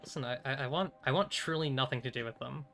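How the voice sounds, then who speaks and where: Bright-voiced man streaming a game. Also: medium pitch, fast, creaky, faint music behind. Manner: chatty, swears freely, talks to himself in short bursts. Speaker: streamer playing a video game. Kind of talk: casual live gameplay commentary.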